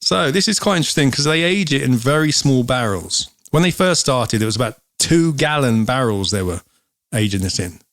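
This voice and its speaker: A man's voice: medium pitch, expressive, brisk, few pauses, a bit bright, no room sound. Chatty man explaining whisky. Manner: rambling, explaining with many ums. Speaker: whisky show co-host. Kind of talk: casual chat.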